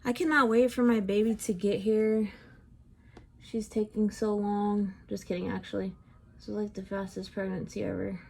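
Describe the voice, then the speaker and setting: A young woman talks through her makeup routine in a relaxed, chatty way, joking about herself as she goes. She is heavily pregnant and audibly short of breath, sighing between sentences. It sounds like a home recording made on a camera in front of her. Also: medium pitch, normal speed, gravelly, breathy edge. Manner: chatty and self-deprecating, with frequent sighs. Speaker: beauty vlogger. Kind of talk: casual makeup tutorial chat.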